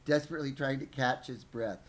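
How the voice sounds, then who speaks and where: A man's voice: medium pitch, a little fast, low-quality recording. Man reading a book aloud, playful. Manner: reads aloud with stumbles and asides, playful. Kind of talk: live book reading with banter.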